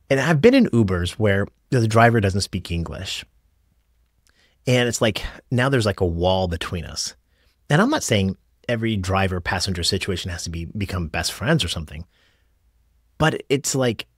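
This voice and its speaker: A middle-aged American man talks on his solo podcast in a loose, conversational way, circling back and restarting his thoughts as he goes. His voice sits fairly low. It is recorded close and dry, with no room sound. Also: breathy edge, no echo. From United States. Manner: conversational, rambling with restarts and asides. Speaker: podcast host and rideshare driver. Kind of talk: casual solo podcast talk.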